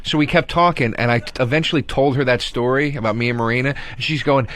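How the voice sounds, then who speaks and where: A man's voice: mid-range voice, animated, quick pace, few pauses, a bit bright, no room sound. A man in his thirties telling a profane comedy story on the radio, acting out what people said. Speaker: co-host comedian.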